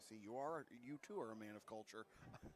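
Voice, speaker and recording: A man giving live play-by-play commentary on a college basketball game, getting louder and more excited on big plays. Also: on the low side, a little fast.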